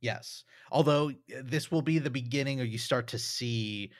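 A man's voice: mid-range voice, moderate pace, dry recording, studio quality. A man co-hosting a podcast, talking through a film in a casual, thoughtful, rambling way with many fillers. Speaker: podcast co-host.

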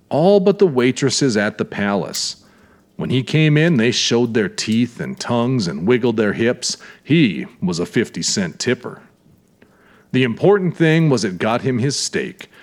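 A male audiobook narrator reading a gritty tale at a measured, deliberate pace. His mid-range voice moves through wide, lively intonation. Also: medium pitch.

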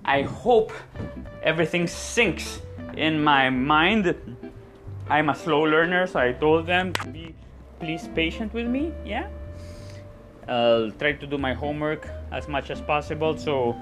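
A man's voice: on the high side, unhurried. Chatty man over faint guitar. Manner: chatty, repeats words, ends phrases with a questioning "yeah?". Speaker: stage actor. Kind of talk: casual vlog chat.

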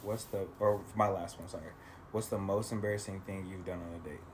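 Man, very deep voice, podcast guest, teasing, animated, noisy home recording. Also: fairly quick. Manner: animated, teasing, loud laughter. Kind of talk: casual chat.

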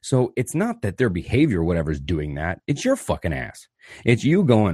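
A man with a low, husky voice hosts a solo podcast, talking straight into a close mic. His delivery is animated and profane, and he swings up into the voices he quotes. The sound is dry and up close. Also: brisk, no room sound. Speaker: podcast host. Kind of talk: casual solo podcast monologue.

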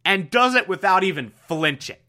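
A man's voice: high-pitched, animated, normal speed, sharp tone. A young man casually recapping a TV show, enthusiastic and repetitive, with lots of fillers. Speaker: TV recap host.

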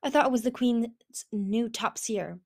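A woman reading a storybook aloud, voicing an earnest, anxious young female seer dragon in a high, apologetic way. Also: a little slow, a little mellow.

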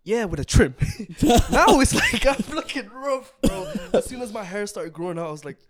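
Lively young man telling stories. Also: high-pitched, normal speed, a crowd in the background. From Manchester, England. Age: young adult. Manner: animated storytelling, slangy, acts out quoted voices. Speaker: podcast host. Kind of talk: casual chat.

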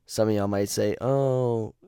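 Deep voiced guy on his podcast, cussing and rambling, joking around. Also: lively intonation, normal speed, darkish tone, clean tone, no room sound, clean studio sound. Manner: rambling, profane and jokey. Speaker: podcast host. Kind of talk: casual chat about a horror game.

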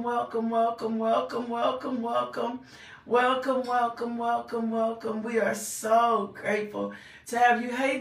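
A woman's voice: fairly high pitch, fairly bright tone. Woman hosting a live stream, gushing hellos and woo's, kinda far from the mic, echoey room. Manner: effusive, repeats greetings, bursts of whoops and praise. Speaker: host of a live faith talk stream. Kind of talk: exuberant live-stream greetings.

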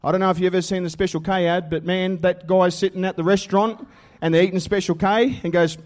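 Animated Australian man telling his testimony. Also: high-pitched, quick pace, few pauses. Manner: animated storytelling with laughs and loud acted quotes. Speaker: preacher. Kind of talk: testimony sermon.

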